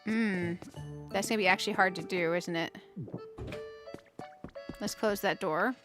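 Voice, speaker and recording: This gaming channel host speaks a little slowly in a medium-pitched, steady voice over music. During a casual let's-play she chats with her viewers while building, thinking out loud and teasing herself playfully.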